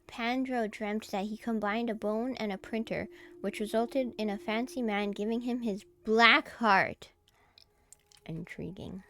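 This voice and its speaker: Slow-talking woman streamer chatting over gameplay. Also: a little high, bright, forceful tone. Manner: chatty, easily startled, giggly. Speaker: streamer playing a game. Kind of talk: casual gameplay commentary.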